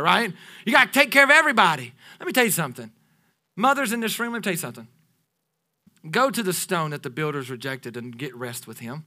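High, bright-voiced animated preacher man. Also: brisk. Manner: animated, joking asides to the congregation. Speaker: pastor. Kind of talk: sermon. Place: church sanctuary.

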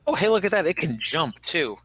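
A man playing a tabletop game who jokes playfully and often laughs. His voice is lively and bright, moving up and down freely. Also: a little high, fairly quick, breathy edge, dry recording. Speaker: player. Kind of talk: casual tabletop play.

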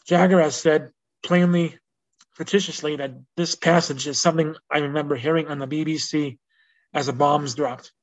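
A man's voice: a little high, steady tone, normal speed. A man hosting a casual solo music-history podcast. He reads from notes and drifts into rambling asides full of restarts and self-corrections. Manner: reads out notes in a plain informational way. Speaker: podcast host. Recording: dull lo-fi recording.

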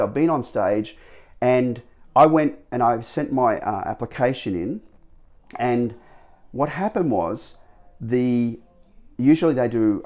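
A man, telling his stories as an interview guest, rambling and animated with many restarts. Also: lowish voice. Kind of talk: casual storytelling interview.

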